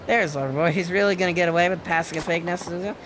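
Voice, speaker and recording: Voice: mid-range voice, fast talker, a bit bright, a little hiss or hum. A let's-play streamer making wry, amused asides about the game. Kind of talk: game commentary.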